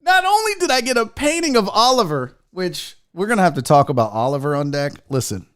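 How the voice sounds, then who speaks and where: A woman hosting a casual online show, talking straight to viewers as she unboxes a gift, excitable and swearing freely. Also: low-pitched, brisk. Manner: excitable and heavily profane; talks straight to the audience. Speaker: sports show host.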